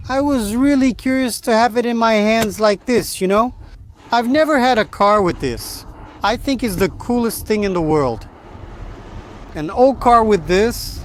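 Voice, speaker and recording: Excitable high-voiced man from Brazil. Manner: enthusiastic, chatty, says man and you know often. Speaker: car vlogger. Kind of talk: casual car vlog.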